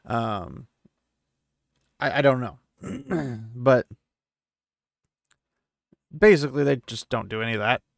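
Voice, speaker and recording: A man's voice: mid-range voice, expressive, slow pace, gravelly, pauses often, no echo, studio quality. A man hosting a podcast, casually recapping a book chapter in loose, conversational paraphrase. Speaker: podcast host.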